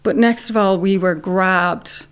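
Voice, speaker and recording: An Irish woman from Ireland, a podcast guest telling a story in casual chat, animated and full of "like". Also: mid-range voice, slow, clean tone. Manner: animated storyteller, heavy use of "like".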